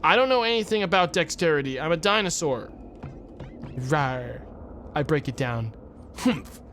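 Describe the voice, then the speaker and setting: Male streamer, casual let's play, deadpan, reads game text, slightly high voice. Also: fast, soft background music.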